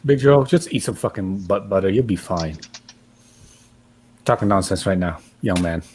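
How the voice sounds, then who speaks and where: Low-pitched man, crude teasing guest, rambling banter. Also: lively intonation, normal speed, a little mellow, a little hiss or hum, low-quality recording. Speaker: stream guest. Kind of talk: casual banter on a stream.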